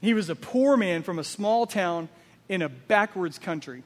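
A man's voice: high-pitched, animated, moderate pace, big-room sound. A man preaching a sermon as pastor, emphatic and full of rhetorical questions.

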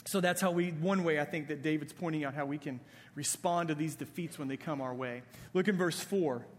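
A man delivers a sermon in a casual, conversational manner, often checking in with his listeners. His voice sits somewhat high. The long reverb of a church sanctuary trails behind his words. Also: fairly quick. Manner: conversational, often adding "right?". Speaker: pastor.

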